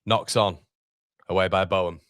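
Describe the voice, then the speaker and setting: A man's voice: low voice, fairly even intonation, moderate pace, fairly bright tone, no echo, clean studio sound. Chatty man streaming football. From Yorkshire, England. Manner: chatty, reads viewer chat aloud, calls people mate. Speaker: watchalong streamer. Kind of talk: live football watchalong chat and commentary.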